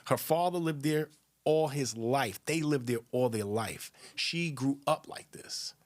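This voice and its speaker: A man's voice: medium pitch, a little slow. A man hosting a solo podcast, talking emphatically and conversationally and often checking in with the listener. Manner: emphatic, conversational, asks listeners rhetorical questions. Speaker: podcast host.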